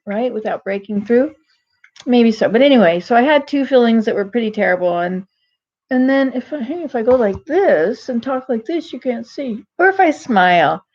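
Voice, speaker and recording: An older woman talking casually on a live stream, rambling and digressive with many restarts, gentle and self-deprecating. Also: fairly high pitch, lo-fi sound. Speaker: vlogger.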